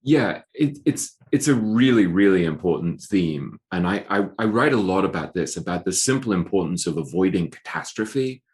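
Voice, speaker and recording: A man's voice: low voice, animated, normal speed, hardly any pauses, a little mellow. A man with an English accent, an author speaking as a podcast guest, thoughtful and self-deprecating, often repeating words as he thinks. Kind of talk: podcast interview.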